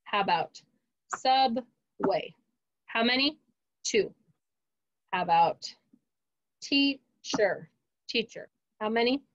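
Slow-talking woman teaching young kids. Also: a little high, expressive, no room sound, lo-fi sound. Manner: slow, clear, encouraging teacher talk to kids. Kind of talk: remote phonics lesson for young children.

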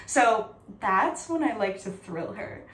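A woman's voice: medium pitch, animated, slow, a bit bright. A woman playing a giddy young woman who chats breezily about her imaginary celebrity friend, in an audition monologue. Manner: chatty, breezy, full of fillers. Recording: echoey room, mic at a distance.

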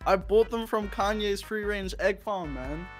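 A man in casual gaming chat, joking in a deadpan, playfully wounded way. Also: high voice, unhurried. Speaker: streamer guest. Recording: faint game music behind.

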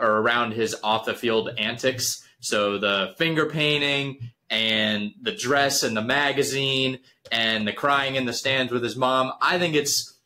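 A man's voice: mid-range voice, bright, forceful tone. A man hosting a casual podcast chat, steering the talk and asking questions.

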